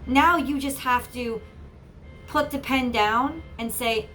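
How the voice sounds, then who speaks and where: A woman's voice: on the high side, slow, sharp tone, soft background music. A woman giving an earnest, encouraging channeled tarot reading, often repeating herself. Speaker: tarot reader.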